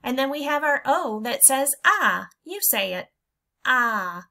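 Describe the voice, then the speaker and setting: A woman teaching young children to blend letter sounds, speaking in a slow, encouraging way and drawing the sounds out for them to repeat. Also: sits high, sing-song, creaky, bright, forceful tone. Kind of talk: phonics lesson for young children.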